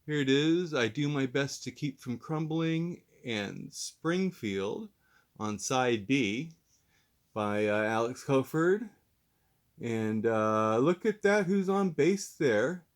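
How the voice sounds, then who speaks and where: A man hosts a casual vlog review, rambling in a laid-back, self-deprecating way while mildly stoned. His mid-range voice is expressive and slow.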